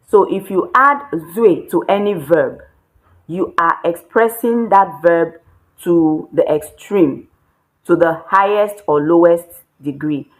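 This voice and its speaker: A woman's voice: on the low side, low-quality recording. A woman teaching a Chinese lesson, explaining words patiently step by step and repeating key points. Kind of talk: language lesson.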